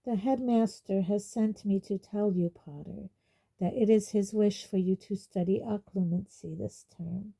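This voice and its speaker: Brief: cold, sneering male schoolmaster wizard, read by a woman, slow, mellow, silky menace. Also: medium pitch, fairly even intonation, vocal fry, breathy edge. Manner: quietly waspish, silky.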